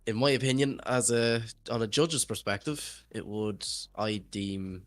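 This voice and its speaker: A man, judging and co-commentating live, speaking in a measured, hesitant way with many fillers. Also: on the low side, dry recording, faint music behind. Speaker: judge and co-commentator.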